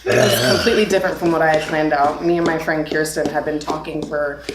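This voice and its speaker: A young woman telling her engagement story in a casual, animated way, laughing now and then. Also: low voice, quick pace, roomy sound, very noisy. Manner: animated, laughing as she retells the day.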